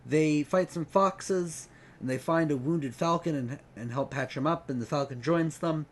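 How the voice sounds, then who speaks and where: A man's voice: fairly high pitch, a little slow. A man giving a casual book retrospective, rambling and hesitant with many ums and restarts. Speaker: book reviewer.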